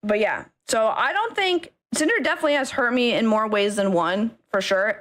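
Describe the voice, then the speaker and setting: A woman's voice: a little high, lively intonation, fast, few pauses. A woman ranting angrily on a stream, swearing, repeating herself and tagging lines with okay. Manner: angry, keeps saying okay, swears, bursts into laughing shouts. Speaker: streamer ranting about a friend group. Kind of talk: emotional rant on stream.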